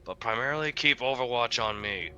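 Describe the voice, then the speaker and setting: A man's voice: medium pitch, fairly quick, sharp tone, lo-fi sound. A man playing a tabletop game, brash and swearing freely. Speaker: player. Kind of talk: casual tabletop game talk.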